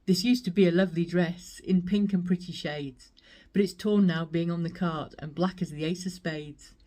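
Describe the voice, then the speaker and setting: A woman's voice: lowish voice, steady tone, moderate pace, mellow, lightly acted. A woman reciting a comic poem as a grimy, battered doll on a rubbish lorry, in a sing-song rhythm. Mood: wistful.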